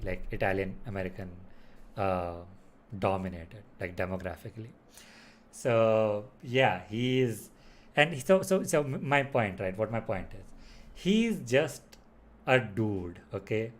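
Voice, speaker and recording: Man, lowish voice, loose casual film-review chat, filler-heavy and meandering. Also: expressive, unhurried. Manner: rambling, heavy on fillers and restarts. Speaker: movie reviewer.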